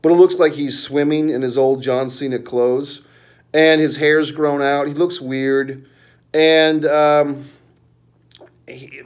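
Profane, ranting middle-aged man. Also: on the high side. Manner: angry, profane, mocking ranting. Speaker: wrestling commentary vlogger.

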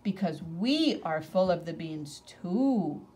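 A woman's voice: on the low side, expressive, slow, dark tone. A woman voicing the smallest male dog of the pack, breezy and slangy, in a picture book read-aloud. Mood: chatty. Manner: breezy, slangy, listing in a sing-song.

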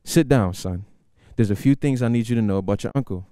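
A man's voice: mid-range voice, fairly quick, warm tone, no echo, studio quality, natural voice. A man imitating his stern, worried mother giving warnings. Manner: insistent, warning.

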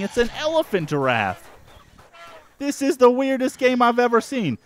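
A man hosting a let's-play, giving excitable, jumpy commentary and yelping at surprises. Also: very high voice, moderate pace, a little hiss or hum. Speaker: gaming channel host.

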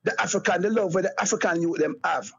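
A husky, somewhat high-voiced Jamaican man talking as an interview guest. He rambles in loose patois and loops back on his own phrases. The sound is dull and lo-fi. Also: quick pace, a bit bright. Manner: rambling patois, repeats phrases like "you get me, I say". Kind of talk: casual conversational interview.

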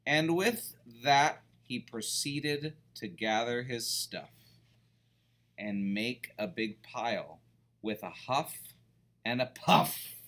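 A man reading a picture book aloud to children, expressive and pausing to explain words. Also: mid-range voice.

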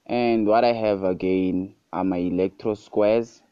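A man narrating a casual music production tutorial, relaxed and easygoing, often calling out to his viewers and praising each sound. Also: sits low, unhurried, clear, resonant tone, dry recording, dull audio. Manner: relaxed, repeats "guys" and "super cool".

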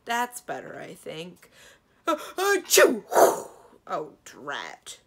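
A kindly old male dragon, hard of hearing and slow, booms out his words, as a woman reading a storybook puts him on. The voice is gravelly and husky, with lively swings in pitch. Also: heavily acted. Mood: blustery.

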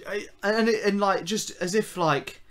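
A young man co-hosting a podcast, chatting casually and laughing as he breaks into quick character impressions. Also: sits high, fairly bright tone. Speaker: podcast co-host. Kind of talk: casual chat.

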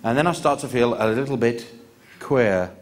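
A man doing stand-up comedy, telling a story in an animated, theatrical way. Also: medium pitch, normal speed, a little hiss or hum.

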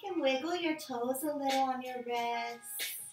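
A woman leading a power yoga class, giving calm, encouraging step-by-step cues. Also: high voice, unhurried. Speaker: yoga instructor. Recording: echoey room, mic at a distance, music behind.

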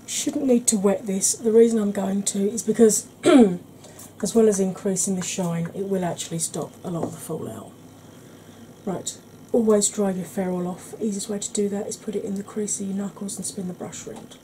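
A woman explaining her makeup steps in a soft, chatty ASMR tutorial, often clearing her throat. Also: mid-range voice, normal speed, slight background noise, poor audio. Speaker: beauty vlogger.

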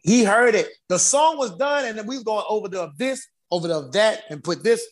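A man guest on an interview podcast, telling stories with animated energy, acting out dialogue and laughing often. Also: sits high, fairly quick, soft background music. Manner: acts out dialogue and vocalizes drum rhythms. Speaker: guest musician. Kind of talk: animated storytelling.

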